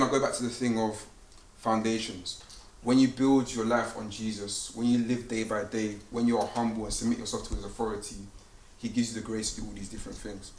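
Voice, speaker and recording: Young man, conference speaker, casual slangy storyteller; distant mic in a big echoey hall. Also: medium pitch. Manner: chatty, slangy, storytelling with laughs. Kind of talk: casual faith talk to students. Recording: roomy hall, distant mic, background hum.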